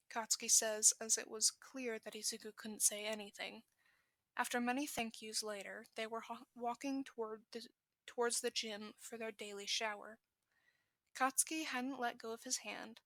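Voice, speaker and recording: A woman's voice: a little high, steady tone, a bit bright, no room sound. A woman reading a fan fiction story aloud, correcting small slips as she goes. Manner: brisk reading with self-corrections. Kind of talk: podfic narration.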